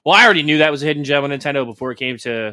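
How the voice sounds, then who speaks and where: Male co-host, bright and punchy, dry mic, loose profane rambler with a sarcastic edge. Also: a little high, racing, no room sound. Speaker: podcast co-host. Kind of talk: casual podcast chat.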